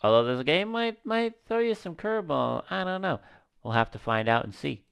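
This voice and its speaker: A man's voice: fairly high pitch, lively intonation, moderate pace, creaky, a bit bright, clean tone. Casual swearing gaming commentator man. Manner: casual, swearing, thinking aloud. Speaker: gaming YouTuber. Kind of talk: let's-play commentary.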